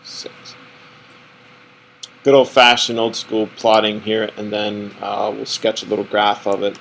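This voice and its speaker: A man with a somewhat low, gravelly voice teaching a math class. He talks casually and rambles, correcting himself as he works through graphs on the board. A faint hiss of background noise sits under the recording. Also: flat delivery, moderate pace, fairly bright tone, rough recording. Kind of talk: classroom lecture.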